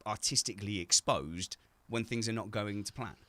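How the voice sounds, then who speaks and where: A man's voice: lowish voice, moderate pace, sharp tone, no room sound. A man hosting a casual video-call chat from home, joking and teasing, with frequent stumbles and restarts. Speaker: host.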